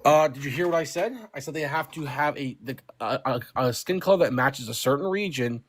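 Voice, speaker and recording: A man's voice: medium pitch, fairly quick. A man calling into a heated online debate, defensive and mocking toward the others. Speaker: debate caller.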